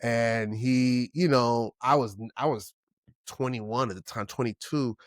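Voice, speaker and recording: Slow, candid man reflecting solo. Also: dry recording, studio quality. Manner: candid and emotional, casual with swearing; halting restarts, pitch swinging widely. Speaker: podcast host.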